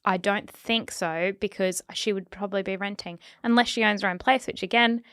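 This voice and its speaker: A woman co-hosts a podcast in casual conversation, chatty and wry and laughing often. Her medium-pitched voice is fairly bright, clear and resonant, with even intonation and a normal pace, recorded cleanly in a studio with no echo.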